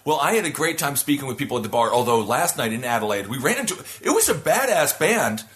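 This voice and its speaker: A man from the United States co-hosting a podcast, telling stories in an animated, self-deprecating way. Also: mid-range voice, quick pace, reverberant. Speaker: podcast co-host. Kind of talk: casual banter. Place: hotel room.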